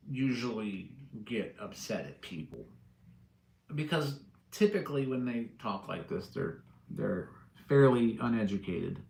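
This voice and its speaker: A man's voice: on the low side, vocal fry, echoey room. A middle-aged man hosting a casual live chat, blunt and profane, chuckling as he answers comments. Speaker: livestream host.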